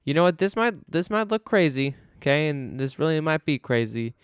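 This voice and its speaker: A man's voice: a little high, very animated, normal speed, clean tone, dry recording, clean studio sound. A man live-streaming a building game, chatting casually and thinking aloud to himself as he works.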